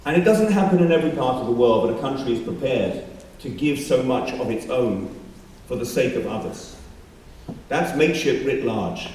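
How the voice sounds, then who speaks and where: Rabbi giving a measured assembly address with dry humor; distant mic, heavy hall echo. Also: male voice, medium pitch, animated, darkish tone. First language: not Australian-born. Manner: measured, wry asides. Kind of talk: formal speech. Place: large school hall. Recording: very echoey hall from far off, faint background noise.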